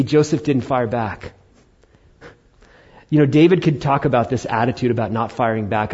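A man preaching a sermon as a pastor, telling a personal story with animated acted-out asides. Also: medium pitch, muffled recording.

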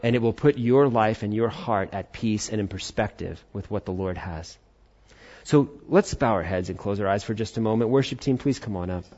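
A man's voice: lowish voice, moderate pace. Earnest preacher man, muffled sound. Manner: earnest, animated preaching with rising emphasis. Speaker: pastor. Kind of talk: sermon. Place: church service.

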